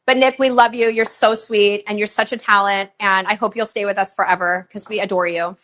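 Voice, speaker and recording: Bright, bubbly woman hosting a live sale. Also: medium pitch, steady tone. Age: middle-aged. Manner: bubbly, chatty, gushing with fast countdowns. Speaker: live shopping host. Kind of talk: live online sales show.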